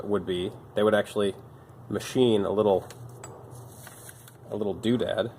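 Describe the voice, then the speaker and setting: A fairly low-pitched, darkish voice belongs to a young bike shop mechanic who hosts videos, recorded with slight background noise. Sounding tired, he shows off old bike parts in a casual way, cracking dry jokes at his own expense.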